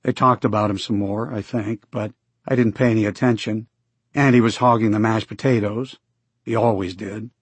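A man giving steady first-person scripted narration for an audiobook, close to the mic. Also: on the low side, normal speed, slightly rough, no echo.

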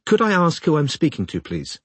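A man's voice: fairly high pitch, wildly swooping pitch, brisk, husky, no echo, pitched above the performer's own voice, exaggerated voice. A man voicing a young woman detective who speaks cautiously and politely while posing as a lawyer.

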